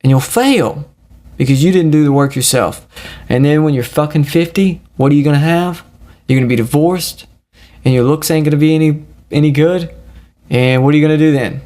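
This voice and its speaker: A man's voice: fairly high pitch, brisk, warm tone. A man hosting a casual solo podcast, ranting in a crude, profane and rambling way. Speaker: podcast host.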